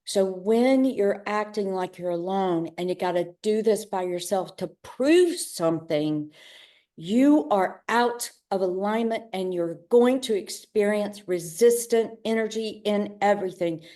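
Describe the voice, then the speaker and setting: Mellow-voiced woman telling stories quickly. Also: medium pitch. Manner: spirited storyteller, quick bursts, acts out dialogue. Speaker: guest, business owner and artist. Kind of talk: interview storytelling.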